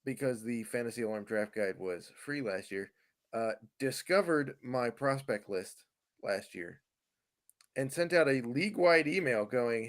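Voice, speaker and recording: A man's voice: medium pitch, lively intonation, a little slow. A man in casual podcast chat as a fantasy sports analyst guest, explaining at length with fillers and easy chuckles.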